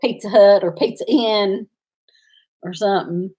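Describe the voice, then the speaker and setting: A woman's voice: medium pitch, a little slow, warm tone, slightly rough. Chatty laughing Southern woman host. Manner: chatty, laughs a lot, reads comments aloud. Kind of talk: casual livestream chat.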